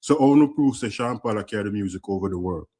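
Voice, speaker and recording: A man's voice: on the low side, expressive, mellow. A man with a Jamaican accent arguing his point in a live stream debate, stumbling and repeating words as he builds his case. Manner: argumentative, halting with repeated words. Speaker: debate caller.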